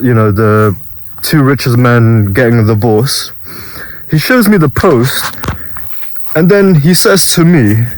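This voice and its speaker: A man's voice: mid-range voice, dry recording, poor audio. A young man vlogging about self-improvement, telling a casual story with many restarts and quoted voices.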